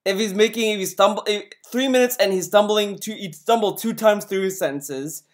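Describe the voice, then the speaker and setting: A man's voice: sits high, brisk. A man hosting a casual reaction video, ranting in exasperation and swearing freely. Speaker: video host reacting to a review.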